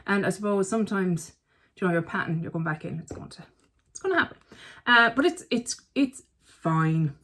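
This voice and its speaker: A woman chats casually through a beauty vlog in her thirties. She rambles warmly between products and pokes fun at herself with animated little asides. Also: lowish voice, moderate pace. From Ireland. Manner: chatty, self-mocking, animated asides. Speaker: beauty vlogger. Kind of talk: casual chat.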